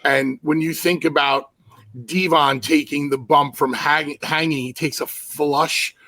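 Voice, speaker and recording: A man's voice: fairly high pitch, steady tone, a little slow, bright, forceful tone, no echo. A man speaking as a podcast guest, recounting past matches in an emphatic, reflective way. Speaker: guest wrestler. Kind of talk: casual chat.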